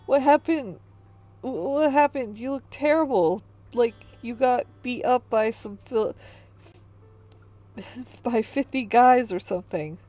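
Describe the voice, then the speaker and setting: A woman's voice: on the high side, warm tone. A woman voicing a nervous young adult apartment caretaker who stammers and rambles.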